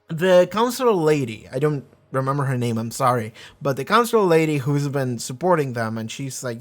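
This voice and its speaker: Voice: mid-range voice, big pitch swings, moderate pace, few pauses, a bit bright. A reaction channel host in a casual episode discussion, rambling with lots of filler, swearing freely, and briefly acting out characters' lines.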